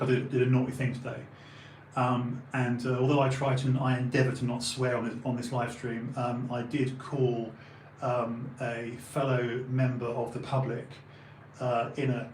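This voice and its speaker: A man's voice: medium pitch, darkish tone, slight background noise. Guy in his late 40s rambling on a live stream, loads of ums and swearing, roomy echo. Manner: rambling, many fillers and restarts, candid swearing. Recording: roomy home recording, faint ambience.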